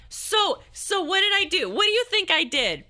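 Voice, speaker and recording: A young woman tells a crude, embarrassing story to her stream viewers, laughing as she goes. Her voice sits high and swoops widely. It sounds bright and sharp. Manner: animated, laughing, crude and self-mocking. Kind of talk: casual storytelling to chat.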